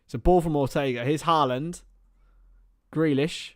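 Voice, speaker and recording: A young man talks through a football match on a live stream, mixing play-by-play with easy chat to viewers. His voice sits a little high and laughs break in often. The sound is dry and close. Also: normal speed, no echo. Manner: chatty, laughs often, greets viewers by name. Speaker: live stream host and commentator.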